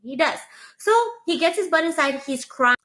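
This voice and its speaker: Young adult woman, slightly high voice, casual storytelling, animated, acts out quoted dialogue. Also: moderate pace. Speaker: storyteller in a played clip.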